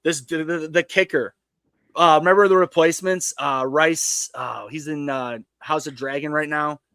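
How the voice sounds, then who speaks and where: A man co-hosting a live podcast, an animated storyteller who swears freely in casual chat. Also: on the high side, moderate pace, smooth, no room sound, clean studio sound. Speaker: co-host.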